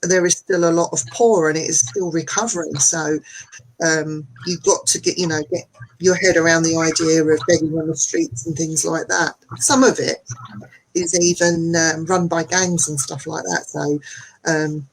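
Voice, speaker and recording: A woman guest talking from home on a video call, chatty and animated, often laughing as she tells her stories. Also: sits low, normal speed, a little hiss or hum, poor audio. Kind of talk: casual conversation.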